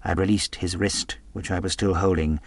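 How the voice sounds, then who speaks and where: A man narrating a classic adventure novel as an audiobook in a measured storytelling delivery. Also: deep voice, steady tone, breathy edge, no room sound.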